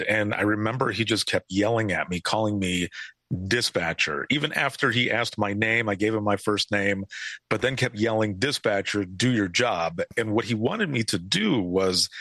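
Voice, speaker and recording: Low-voiced man telling a dispatcher story. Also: bright, forceful tone, no room sound. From Michigan. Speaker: former emergency dispatcher. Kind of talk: interview anecdote.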